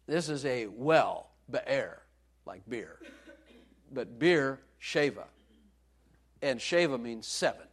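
A man's voice: mid-range voice, animated, slow pace. A male preacher giving a sermon in a joking, conversational way, laughing often.

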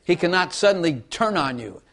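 Folksy preacher man, slightly high voice. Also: sing-song, brisk, gravelly, a bit bright. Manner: folksy, repeats phrases, asks the congregation for amens. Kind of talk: sermon.

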